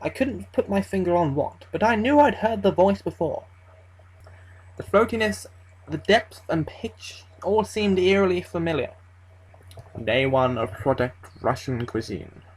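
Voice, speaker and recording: Husky breathy creepypasta narrator, chatty and sweary, mid pitch. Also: animated, moderate pace, low-quality recording. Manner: casual and profane, conversational storytelling. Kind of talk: first-person horror story narration.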